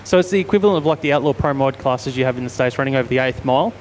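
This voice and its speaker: An Australian man doing brisk, informative, matey live drag racing commentary at an outdoor raceway. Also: mid-range voice, a little mellow. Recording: faint outdoor engine noise.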